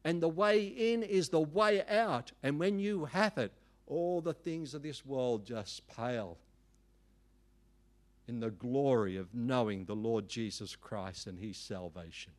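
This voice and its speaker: A middle-aged man, preaching a sermon in an emphatic, animated way with folksy asides. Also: mid-range voice, slow pace. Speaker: pastor.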